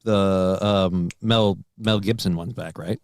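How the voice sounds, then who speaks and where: A man's voice: low-pitched, steady tone, slow pace, a little hiss or hum. A male co-host in casual talk-show banter, joking and swearing. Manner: profane, joking.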